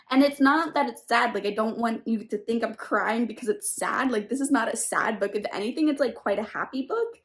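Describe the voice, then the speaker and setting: A young woman vlogging about books, gushing casually with many "like" fillers and sometimes dropping into a whisper. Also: fairly high pitch. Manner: gushing, filler-heavy, lots of "like"; drops into a whisper late at night. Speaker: book vlogger. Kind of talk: casual reading vlog.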